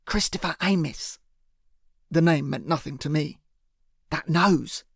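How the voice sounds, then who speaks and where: Gravelly man narrating an audiobook. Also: fairly high pitch, a little slow, dry recording, clean studio sound. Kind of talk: first-person audiobook narration.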